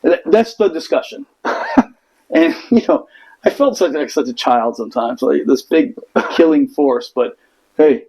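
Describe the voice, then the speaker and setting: A man's voice: a little high, expressive, a little slow, mellow, breathy edge, rough recording. A man, a Marine veteran, telling stories in a casual chat, profane and laughing through them.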